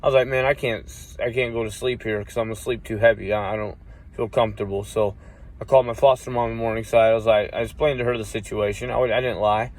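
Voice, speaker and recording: A man's voice: lowish voice, steady tone, fast talker. A man casually telling a long personal story, cursing often and rambling with restarts. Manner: profane, rambling, acts out quoted voices loudly.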